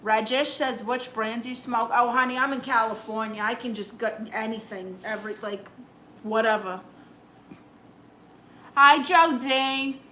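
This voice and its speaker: A woman hosts a comic livestream as a self-styled aunt, reading out chat messages and tossing back sassy, deadpan replies. Her voice sits fairly high and sounds bright and forward, with a faint hiss of noise underneath. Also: unhurried, poor audio. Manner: sassy, dry comebacks to chat.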